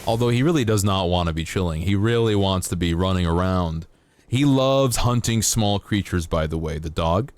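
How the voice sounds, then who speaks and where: Speaking at normal speed in a low-pitched, darkish voice with no echo, a man plays a game on a live stream. His talk to chat is rambling and playful as he keeps playing.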